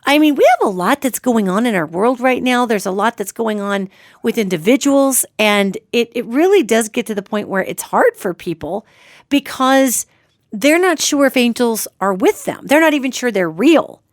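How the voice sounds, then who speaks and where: A woman's voice: on the high side, animated, moderate pace, dry recording, studio quality. A middle-aged woman hosting a solo podcast, talking earnestly and chattily to her listeners. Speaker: psychic podcast host.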